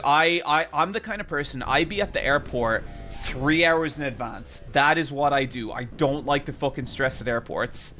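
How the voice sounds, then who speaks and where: A man streaming a game and telling a story casually, animated and exasperated, swearing constantly. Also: on the high side. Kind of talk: casual storytelling while gaming.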